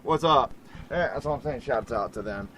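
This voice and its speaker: A man hosting a casual internet radio chat, his voice sitting at a middling pitch. He rambles and jumps between loud outbursts and quiet asides, laughing often. A faint hiss of noise runs under the recording. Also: normal speed, rough recording.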